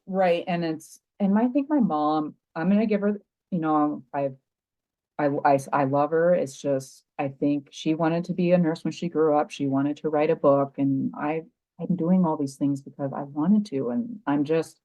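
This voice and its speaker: A middle-aged woman, a nurse turned coach, telling a personal story as a podcast guest in a halting way, with frequent restarts and fillers. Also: low-pitched, dark tone, lo-fi sound. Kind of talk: candid conversational storytelling.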